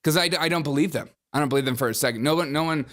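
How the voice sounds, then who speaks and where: A man's voice: fairly high pitch, rapid-fire, a bit bright. A man hosting a podcast, giving opinionated casual commentary in a chatty, mocking way and laughing between points. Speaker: podcast host.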